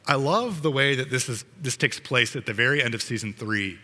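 A man's voice: mid-range voice, brisk, sharp tone, in a large hall. A man preaching a sermon to his congregation in an earnest, conversational way, sometimes restarting his sentences. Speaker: pastor.

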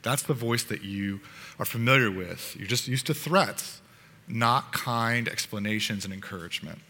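Brief: male preacher, earnest storytelling, bright tone, long hall reverb. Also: fairly low pitch, normal speed. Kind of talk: sermon narrating a parable in second person.

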